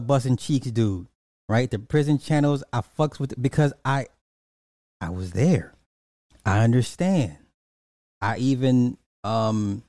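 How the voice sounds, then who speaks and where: A man's voice: mid-range voice, mellow, dry recording, studio quality. A man giving casual reaction commentary on a clip, emphatic and repetitive, with lots of fillers and restarts. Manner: emphatic, repeats points, many fillers and restarts.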